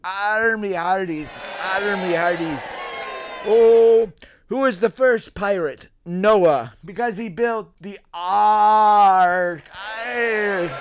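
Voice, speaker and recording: A man's voice: high voice, background noise. A man playing a jolly, bawdy pirate captain who cracks puns and chuckles at his own jokes with piratey growls. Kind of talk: stand-up pirate character act.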